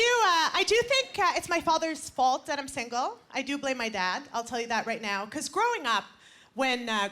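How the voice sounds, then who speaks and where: A woman in her twenties doing punchy, self-mocking stand-up comedy on a club stage. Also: high-pitched. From Canada. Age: 20s. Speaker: stand-up comic. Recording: stage mic with roaring audience. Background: loud audience laughter.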